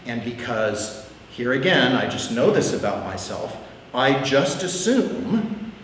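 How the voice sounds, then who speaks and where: A man's voice: mid-range voice, distant mic, a little hiss or hum. A man teaching a prayer class in a candid, self-deprecating way, often repeating words as he thinks. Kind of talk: informal teaching talk. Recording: echoey hall, long reverb.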